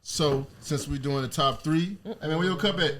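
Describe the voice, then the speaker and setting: A man's voice: on the high side, moderate pace, a bit bright. A man hosting a casual podcast chat, talking in a laid-back, profane way and laughing often. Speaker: podcast host.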